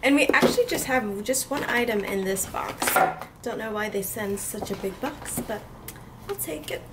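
A woman's voice: on the high side, normal speed, distant mic, heavy background noise. A woman in her twenties gushing and squealing with delight as she unboxes a beauty haul, speaking a little off-mic. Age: 20s. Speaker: beauty vlogger.

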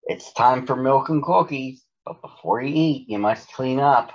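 A man's voice: medium pitch, unhurried, voice pushed up, lightly acted. A man voicing a cheerful male schoolteacher in a read-aloud storybook. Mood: welcoming. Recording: dull lo-fi recording.

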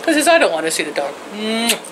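An older woman chatting in a warm, homey, folksy way to people watching her videos, laughing often and calling out to her pets. Her voice sits at an ordinary pitch for a woman. A faint hiss of room ambience runs underneath. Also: very animated, fast. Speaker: vlogger. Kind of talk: casual chat to viewers. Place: home, indoors and out in her yard.

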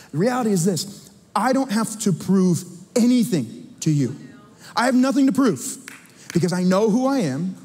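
A man delivering a church sermon, his voice pitched high for a man. He preaches in an animated, conversational way, teasing and questioning the congregation. The sound carries a long reverb from a large church hall. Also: moderate pace, husky. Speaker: pastor. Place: church sanctuary.

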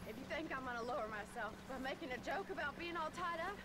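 A woman's voice: high-pitched, lively intonation, fast talker, sharp tone. An actress playing a spirited frontier ranch woman in a video game cutscene, dry and wry.

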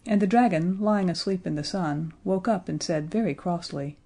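A woman narrating a children's audiobook in a gentle, expressive way. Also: on the low side, moderate pace.

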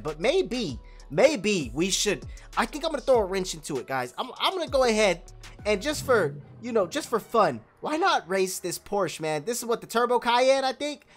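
Chatting with his viewers and a friend, a young man with kids hosts a gaming video in a voice that sits high with a fairly bright tone. His commentary is casual, hyped, and packed with slang.

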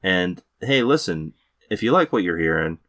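A man's voice: sits low, very animated, moderate pace, fairly bright tone. A man hosting a casual podcast, introducing his co-hosts with teasing jokes. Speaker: podcast host. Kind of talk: casual comedic podcast chat.

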